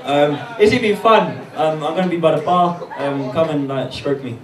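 With a slightly high voice, a young man from London works a comedy club crowd in a cheeky, brash set with rapid asides, holding a handheld mic. The sound is very noisy, distant and echoey, with loud laughter throughout.

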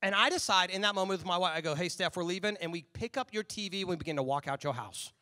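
Bright, high-voiced animated male pastor. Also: fast talker. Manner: animated storytelling, acting out both sides of a dialogue. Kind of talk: sermon.

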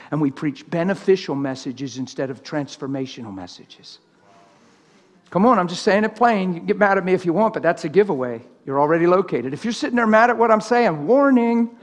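A middle-aged man delivers a live sermon in a church. His voice sits a little high, and he speaks plainly and bluntly, teasing his listeners with a ready laugh. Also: long reverb tail. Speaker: preacher.

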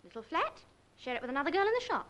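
A woman's voice: high-pitched, very animated, very fast, a bit bright. An actress in a 1930s film playing a lovesick, jealous young shopgirl who talks in a pleading, plaintive way.

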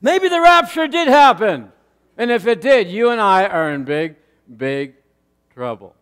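A middle-aged male pastor preaching a sermon, telling stories and getting louder and higher as they build. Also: big pitch swings, measured pace, smooth, long reverb tail. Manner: storytelling, rising loud and high in anecdotes. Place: church sanctuary.

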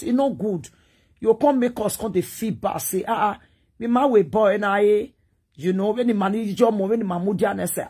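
A Nigerian woman with a husky, breathy voice runs a casual live-stream monologue. She rambles and pleads, talking straight to her viewers. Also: medium pitch, a little mellow. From Edo State, Nigeria.

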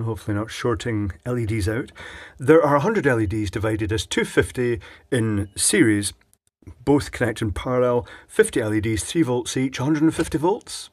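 A man with a husky, slightly raspy voice talks through a repair at his workbench. His delivery is dry and wry, casual and full of asides as he thinks out loud. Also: medium pitch, expressive, moderate pace, dry recording. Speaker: electronics repair presenter.

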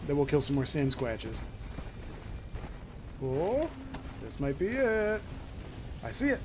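A man's voice: fairly high pitch, slow, noisy background. A man joking and laughing as he comments on his own gameplay. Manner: joking, giggly, excitable. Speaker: gaming YouTuber.

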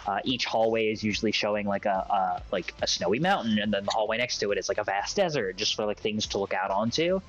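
A man's voice: fairly low pitch, quick pace, few pauses, a bit bright. A young man narrating a tabletop game as game master, rambling and full of fillers. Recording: dull lo-fi voice chat with faint music.

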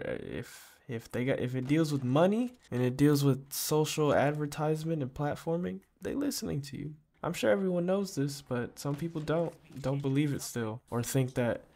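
A man talks nonstop while playing a video game, drifting between loose rants and sudden hyped reactions. His voice sits at an ordinary pitch with a gravelly, fry-laden texture. His casual talk is heavy with slang and profanity. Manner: profane, slangy, excitable outbursts. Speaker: gaming YouTuber. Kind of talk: rambling gameplay commentary.

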